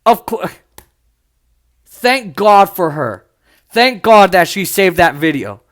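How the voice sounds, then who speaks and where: A man's voice: high-pitched, big pitch swings, takes it slowly. A man hosting a solo podcast, talking bluntly and with passion, breaking into mocking asides. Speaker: podcast host.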